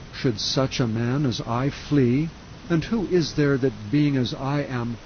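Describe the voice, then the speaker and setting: A man reading scripture aloud in a slow, even, measured way, calm enough for sleep. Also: medium pitch, dull audio, a little hiss or hum. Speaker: scripture reader. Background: faint rain sound.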